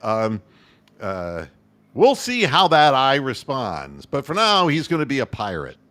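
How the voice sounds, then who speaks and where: A man's voice: mid-range voice, wildly swooping pitch, a little slow, pushed and bright. A man co-hosting a postgame sports show, rambling and joking crudely about his team's loss. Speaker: co-host. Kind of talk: casual sports banter.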